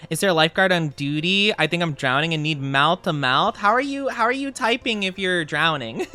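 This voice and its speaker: Bright, giggly livestreamer chatting. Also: mid-range voice. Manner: chatty and giggly, answers chat messages. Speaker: streamer reading chat. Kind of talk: casual livestream chat over gameplay.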